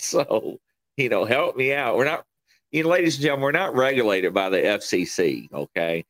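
Kentucky guy hosting a podcast, country accent, super lively up-and-down voice, dry close sound. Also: mid-range voice, normal speed, no room sound. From Kentucky, USA. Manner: animated storyteller, chuckles often. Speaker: podcast host. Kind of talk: casual interview chat.

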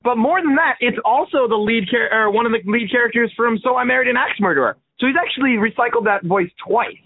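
Brief: wry male guest, high voice, dry phone-call sound. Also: quick pace, slightly rough, no room sound. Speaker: guest, teacher. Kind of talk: casual chat. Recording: dry tinny phone-like line.

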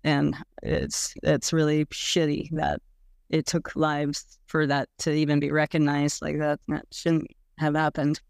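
A woman's voice: sits low, monotone, a little slow, gravelly, darkish tone, clean tone, dry recording, studio quality. A woman recalling her own experiences in an interview, speaking frankly and casually, full of "like"s and the odd blunt swear word. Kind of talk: candid personal recollection.

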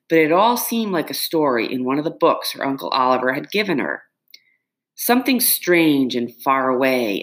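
Woman audiobook narrator, low voice, animated expressive delivery. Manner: expressive, measured storytelling. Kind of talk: scripted storybook narration.

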